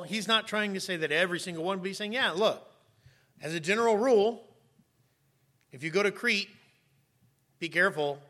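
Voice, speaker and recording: A middle-aged man preaching a sermon as a pastor, emphatic and sometimes rising to sharp raised shouts. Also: high voice.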